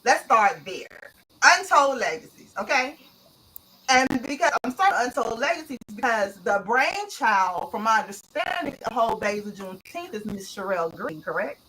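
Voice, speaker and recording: A woman's voice: on the high side, sing-song, normal speed, pushed and bright, rough recording. A woman hosting an online author livestream in a playful, laughing, slangy chat style, greeting viewers one by one.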